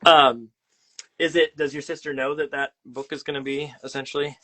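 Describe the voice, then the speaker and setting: A man's voice: a little high, flat delivery, normal speed, bright, forceful tone. A man hosting a casual interview over a video call, rambling with many fillers and teasing his guest. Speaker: podcast host and illustrator.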